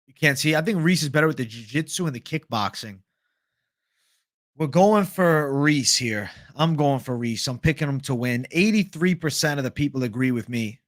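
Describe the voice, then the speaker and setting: A man's voice: mid-range voice, lively intonation, normal speed, no room sound, clean studio sound. Casual young man hosting a fight stream. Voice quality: casual, profane, reads chat aloud. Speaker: MMA livestream host. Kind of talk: casual livestream fight picks chat.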